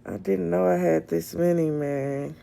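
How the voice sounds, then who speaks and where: Gravelly, slow-talking young woman streamer. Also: lowish voice, fairly even intonation, mellow, a little hiss or hum. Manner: blunt, profane and exasperated. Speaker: livestream host. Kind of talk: casual livestream chat. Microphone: phone camera.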